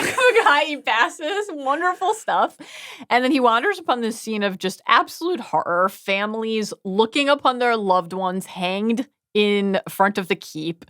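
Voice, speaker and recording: A woman co-hosting a podcast in a casual recap chat, playful and animated, sometimes reading book passages aloud. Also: a little high, no room sound, clean studio sound. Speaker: podcast co-host.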